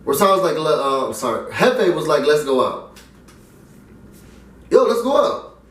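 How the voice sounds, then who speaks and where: Animated young man telling a story. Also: a little high, normal speed. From New York. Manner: animated, acts out the voices in his story. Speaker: vlogger. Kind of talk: casual storytelling. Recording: roomy, mic at a distance.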